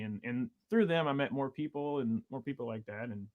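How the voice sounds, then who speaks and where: Man, 30s, guest drummer; loose, rambling storyteller, fillers throughout, mid-pitched voice. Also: a little fast, darkish tone. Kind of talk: casual storytelling chat.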